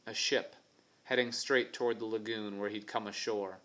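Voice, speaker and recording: A man narrating an adventure novel for an audiobook in a steady, even storytelling manner. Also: lowish voice, moderate pace. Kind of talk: scripted narration.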